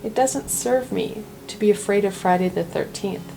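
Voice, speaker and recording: Gentle woman giving a tarot reading. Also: mid-range voice, moderate pace, gravelly, music in the background, rough recording. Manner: gentle, reassuring, chatty. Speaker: tarot reader. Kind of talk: weekly tarot reading vlog.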